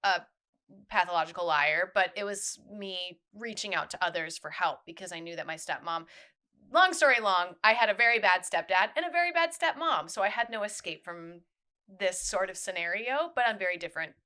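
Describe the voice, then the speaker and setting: A woman with a bright, forceful voice speaks as a guest in a casual podcast chat. She is candid and reflective and thinks aloud as she talks. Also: fairly low pitch, animated, a little fast.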